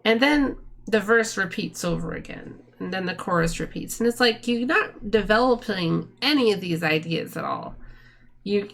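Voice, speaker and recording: A woman's voice: mid-range voice, lively intonation, normal speed, vocal fry. A woman breaking down song melodies in a casual music theory talk, humming phrases to show them. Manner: hums and sings melody lines to explain them. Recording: music playing loudly behind the voice. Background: guitar music.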